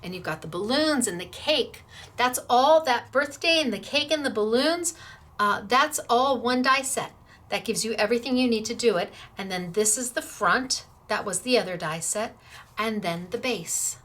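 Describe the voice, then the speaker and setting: A woman's voice: on the high side, normal speed, fairly bright tone. A middle-aged woman hosting a crafting tutorial, bubbly and encouraging as she gushes over her projects. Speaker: crafting show host.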